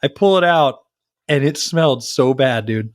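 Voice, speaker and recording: A male podcast co-host trades casual banter, telling stories, swearing freely, and animatedly acting out other people's lines. His medium-pitched voice runs at normal speed with clean studio sound and no room echo.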